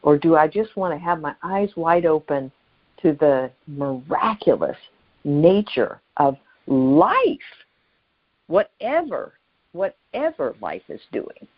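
A woman's voice: deep voice, sing-song, slow. A woman talking in a reflective, musing way on a call-in radio show, laughing often. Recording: dull lo-fi radio sound.

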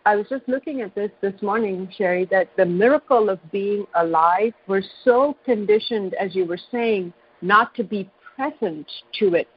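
Thoughtful female call-in host, breathy tone, dry lo-fi broadcast. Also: mid-range voice, normal speed, few pauses, no room sound. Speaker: radio host. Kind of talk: call-in radio talk. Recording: dry, dull lo-fi radio sound.

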